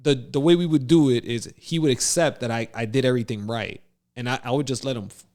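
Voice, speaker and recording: A man co-hosting a casual podcast, telling a story with lively acted-out quotes and frequent laughs. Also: mid-range voice, fast. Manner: animated storyteller, acts out quotes, laughs often. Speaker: podcast co-host.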